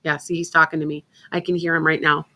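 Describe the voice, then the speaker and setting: Rambling woman psychic host, bright forceful voice, casual radio chat, keeps restarting sentences. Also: sits low, level tone, fast talker. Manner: chatty, rambling, self-interrupting.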